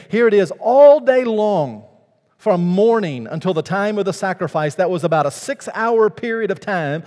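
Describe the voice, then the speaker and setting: Preaching man with swelling, echoing delivery. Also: high-pitched. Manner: dramatic swings from hushed to loud, preacherly cadence. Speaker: pastor. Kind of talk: sermon.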